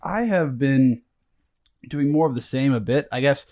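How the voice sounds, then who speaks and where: A man's voice: medium pitch, unhurried, darkish tone. A young man co-hosting a podcast in casual chat, laid-back and rambling, swearing now and then. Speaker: podcast co-host.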